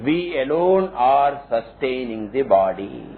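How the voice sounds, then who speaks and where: A man giving a scriptural lecture, explaining slowly and chanting Sanskrit terms. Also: mid-range voice, big pitch swings. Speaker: teacher of scripture. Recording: tinny phone-like lo-fi audio, faint hiss.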